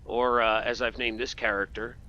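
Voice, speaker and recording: A man's voice: mid-range voice, level tone, normal speed, bright, forceful tone, muffled recording. A man doing jokey playthrough commentary, talking back to game characters. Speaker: gaming host.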